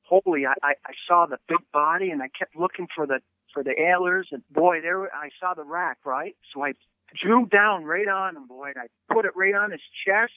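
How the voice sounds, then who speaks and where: A man telling a hunting story in an interview, animated, with many stammered restarts and a habit of asking "right?". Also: a little high, normal speed, no echo. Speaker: hunting guest. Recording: tinny phone line.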